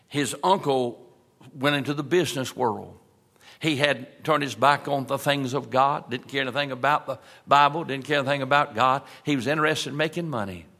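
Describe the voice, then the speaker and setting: Folksy preacher in a reverberant sanctuary. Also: male voice, medium pitch. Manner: folksy preaching, slows for emphasis, drops soft at key points. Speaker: pastor. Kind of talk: sermon. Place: large church sanctuary. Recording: long reverb of a church hall.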